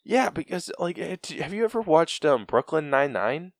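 A man's voice: on the high side, big pitch swings, moderate pace, no room sound. A man co-hosting a podcast in casual chat, rambling with lots of fillers and laughs. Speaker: podcast co-host.

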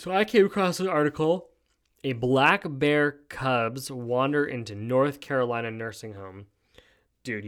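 Laid-back joking podcast guy. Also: medium pitch. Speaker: podcast host. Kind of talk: casual solo podcast commentary.

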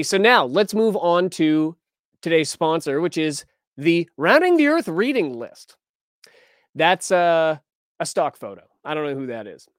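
Dry-sounding podcast host, wry and chatty. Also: male voice, fairly high pitch, dry recording. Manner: conversational, wry, reads quotes aloud. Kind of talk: casual news commentary.

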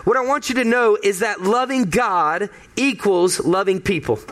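A man preaching with a high voice for a man, talking to his congregation in a loose, conversational way. He hammers points home by repeating them, building emphasis phrase by phrase. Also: moderate pace, a bit bright. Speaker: pastor. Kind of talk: sermon.

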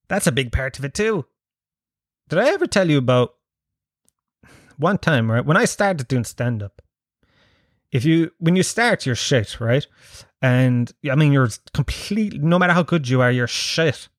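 A man's voice: on the high side, no room sound, clean studio sound. A man, a stand-up comedian, telling a profane, self-mocking story in casual chat that builds to punchlines.

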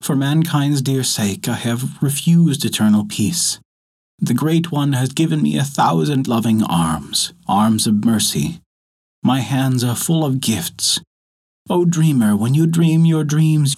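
A man voicing a gentle, merciful goddess in a storybook tale, speaking softly, slowly and solemnly. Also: medium pitch, lively intonation, breathy edge. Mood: serene.

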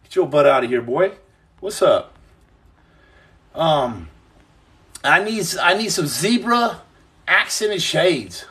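High-voiced man joking with viewers. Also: very animated, takes it slowly, long pauses, fairly bright tone. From United States. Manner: joking, rambling banter with playful nicknames. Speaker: host of a livestream podcast. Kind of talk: casual livestream chat reading viewer comments.

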